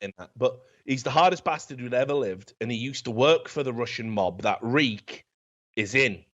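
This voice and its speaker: Man, podcast film reviewer, crude rambling recap, mid pitch, dull lo-fi sound. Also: animated, moderate pace, fairly bright tone. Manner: rambling, profane storytelling. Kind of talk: casual comedic film review.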